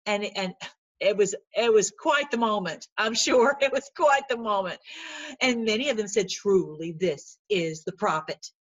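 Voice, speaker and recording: An earnest woman giving informal Bible teaching and prayer, animated, laughing often and repeating words as she goes. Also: on the high side, moderate pace, no echo.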